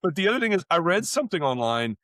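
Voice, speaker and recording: A man co-hosting a casual podcast, telling stories in an animated way, often stumbling over and repeating his words. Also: high-pitched, fast talker, no room sound, clean studio sound. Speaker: podcast co-host. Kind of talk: casual conversational podcast chat.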